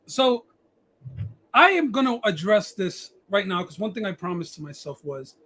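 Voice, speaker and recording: Male podcast host, high husky voice, profane and rambling, stammers a lot. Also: very animated, normal speed, a bit bright. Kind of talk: casual live-stream chat.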